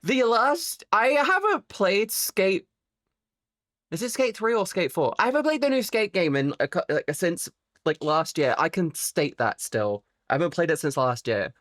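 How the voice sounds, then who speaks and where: Lively low-voiced woman streamer. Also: normal speed, no room sound, studio quality. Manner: playful, teasing and profane, with sudden high squeaky jumps. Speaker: live streamer. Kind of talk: casual live-stream chat with viewers.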